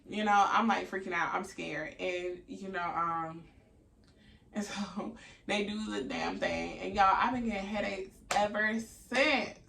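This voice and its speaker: A young woman, casually and candidly telling a story to her viewers, with frank, profane, animated quoted reactions. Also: mid-range voice, measured pace, vocal fry, recorded from a distance. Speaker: vlogger.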